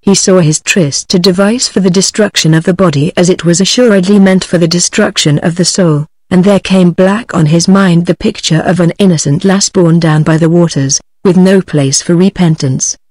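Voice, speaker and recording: A text-to-speech woman's voice with a British English accent, narrating an audiobook in an even, synthetic reading. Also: lowish voice, moderate pace, no room sound.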